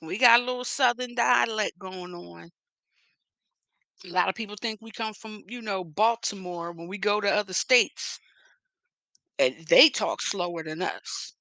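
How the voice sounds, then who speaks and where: A woman with a Philadelphia accent delivers sassy, profane gossip commentary at a slow, deliberate pace. Her voice is bright and forceful, and she hits her stressed words hard. The recording is dry and close. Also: medium pitch, vocal fry, no room sound. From Philadelphia area. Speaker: commentary vlogger.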